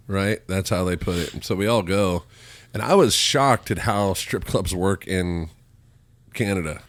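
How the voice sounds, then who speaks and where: A podcast host telling crude stories, animated and profane. His voice sits low and the sound is dry and close. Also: unhurried, dry recording. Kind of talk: casual podcast storytelling.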